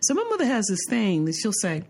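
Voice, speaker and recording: A woman's voice: medium pitch, fairly quick, breathy edge. A woman hosting a podcast, telling stories in a casual, emphatic way. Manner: animated storyteller, emphatic. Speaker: podcast host.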